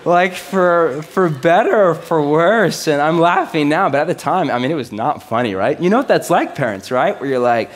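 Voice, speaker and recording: A man's voice: a little high, animated, normal speed, few pauses. A man in his thirties preaching a sermon in a loose, joking style, often checking in with his listeners. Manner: conversational, joking, asks the crowd often. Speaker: pastor.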